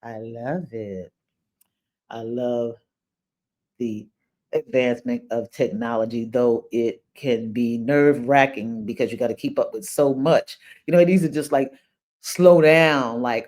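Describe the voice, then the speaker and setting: Speaking in a very deep, somewhat mellow voice at an unhurried pace, an older woman with a New York accent rambles through a casual, unscripted monologue on her own podcast. She repeats phrases and bursts into exclamations as she goes.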